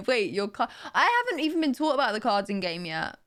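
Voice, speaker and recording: A woman's voice: a little high, very animated, moderate pace, fairly bright tone. A young woman hosting a livestream, chatting casually and answering viewers' questions with frequent laughs. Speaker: livestream host.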